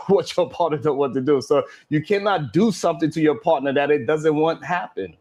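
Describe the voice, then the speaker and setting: A man's voice: fairly high pitch, moderate pace, a little mellow. A man on a panel debate speaks emphatically, laying out his argument point by point. His voice sits a little above the usual male range. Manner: emphatic, lecturing.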